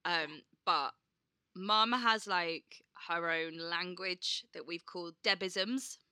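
A woman's voice: fairly low pitch, takes it slowly, pushed and bright, clean tone, dry recording, studio quality. A woman in her thirties co-hosting a podcast, telling stories in casual chat, peppered with "like" and acted-out quotes. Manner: chatty storyteller, lots of "like", acts out quotes. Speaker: podcast co-host.

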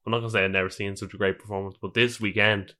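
A man co-hosting a football podcast, relaxed and rambling, often correcting himself. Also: on the low side, rapid-fire. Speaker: podcast co-host. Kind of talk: casual football chat.

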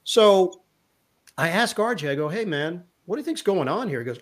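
A middle-aged man and sports broadcaster, a guest telling a lively anecdote in an interview, acting out the lines of the people in his story. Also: high-pitched, normal speed, long pauses. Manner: lively anecdote teller who acts out quotes.

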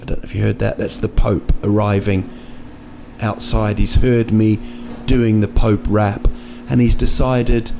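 A lowish, creaky, mellow male voice speaks a little slowly in a level tone, with slight hiss or hum present. Recorded at night in an indoor city room, this podcast host rambles and jokes casually on his own, often restarting and using fillers.

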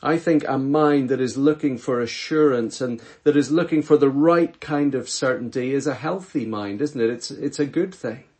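A middle-aged pastor reading scripture and preaching an earnest, measured sermon full of rhetorical questions. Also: male voice, mid-range voice, a little mellow.

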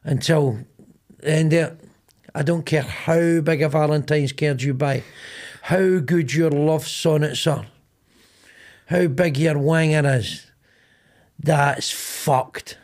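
A man's voice: fairly high pitch, takes it slowly, a little mellow. A middle-aged man with a Glaswegian Scottish accent hosting a podcast, telling rambling, sweary stories and acting out both sides of arguments. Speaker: podcast host. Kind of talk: casual comedic chat.

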